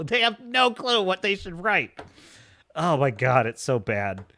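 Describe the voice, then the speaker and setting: A man's voice: high-pitched, expressive, a little slow, sharp tone, no room sound, studio quality. A young man ranting scornfully during a live stream, often breaking into laughter as he reacts to reviews.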